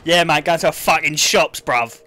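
Guy putting on a brash cockney lad, loud and slangy, bugging you for a quid. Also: a little high, measured pace, pitched above the performer's own voice. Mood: cheeky, cadging. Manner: loud, slangy, mate-and-bruv banter. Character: rowdy broke male London lad begging cash.

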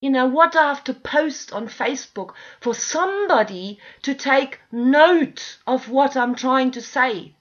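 High-voiced woman ranting, dull lo-fi audio. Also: unhurried, few pauses. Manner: frustrated, pleading, swears often. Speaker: video blogger. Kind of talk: impassioned ranting monologue. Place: at home with dogs nearby. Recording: dull lo-fi recording.

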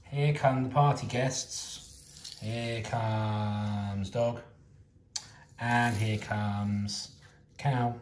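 Man, teacher, slow sing-song quiz questions for little kids, roomy echo. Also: lowish voice, fairly even intonation, a little hiss or hum. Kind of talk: early years maths quiz video. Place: home kitchen.

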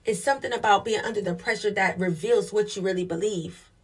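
Female preacher, husky tone, fervent sermon delivery with call-outs to the congregation. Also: medium pitch, a little fast.

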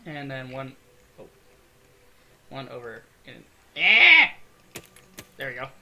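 A young man giving excitable, swear-filled let's-play commentary, talking to himself as he builds in a game. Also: medium pitch, unhurried, gravelly, muffled recording, slight background noise. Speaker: gaming video creator.

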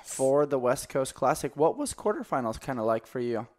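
A man's voice: medium pitch, normal speed. A man hosting a podcast, asking questions in an easygoing, joking way. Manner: relaxed, joking interviewer with short backchannel replies. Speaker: podcast host. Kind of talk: casual podcast interview.

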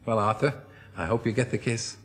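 A man's voice: medium pitch, brisk, fairly bright tone, soft background music. An Irish man hosting a television chat show, asking jokey, teasing questions. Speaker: talk show host.

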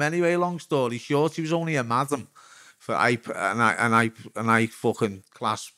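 A man's voice: medium pitch, moderate pace, sharp tone, dry recording, studio quality. Swearing Liverpool man telling stories. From Liverpool, England. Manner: rambling, heavy swearing, frank. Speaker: guest, former footballer. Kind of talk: candid storytelling.

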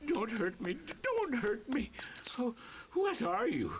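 A terrified, stammering alien. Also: male voice, extremely high pitch, very animated, takes it slowly, crowd noise, exaggerated voice. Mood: terrified pleading. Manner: stammering, begging. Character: terrified pleading male alien survivor.

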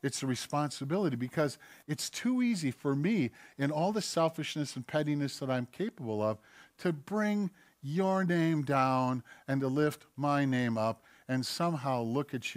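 A man preaching a sermon as pastor in a church, animated, firing rhetorical questions and acting out voices. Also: medium pitch. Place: church sanctuary.

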